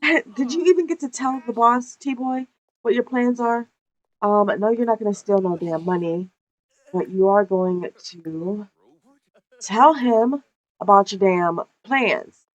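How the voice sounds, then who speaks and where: A woman's voice: medium pitch, muffled recording. Chatty, foul-mouthed woman gamer. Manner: profane, laughs often, chatty. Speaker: gameplay narrator. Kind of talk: casual game commentary.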